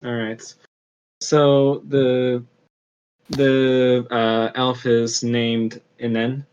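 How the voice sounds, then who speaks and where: A man narrating as game master of a tabletop game, unhurried and hesitant, with many fillers. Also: medium pitch, little pitch movement, darkish tone, clear, resonant tone. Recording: slightly dull lo-fi audio.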